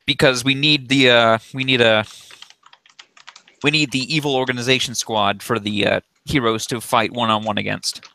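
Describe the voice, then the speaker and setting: A man's voice: mid-range voice, fairly even intonation, normal speed, bright, forceful tone. A man co-hosting a podcast, introducing episodes and chatting casually in a dry, matter-of-fact way. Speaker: podcast co-host.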